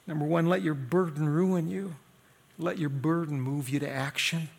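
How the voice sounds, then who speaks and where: A man preaching a sermon as pastor, swinging between loud emphatic peaks and quiet, low stretches. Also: gravelly.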